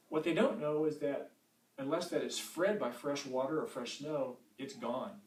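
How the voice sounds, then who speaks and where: Recorded from a distance in an echoey church room, a man leads a conversational Bible study. His voice is medium-pitched at a moderate pace, and he often repeats words as he restarts his sentences.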